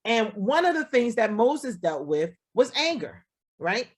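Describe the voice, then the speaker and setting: A woman's voice: a little high, big pitch swings, measured pace, slightly rough. A woman pastor giving a sermon over a video call, talking in a conversational way, often checking in with "right?" and acting out the voices she quotes. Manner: conversational preaching, keeps asking "right?".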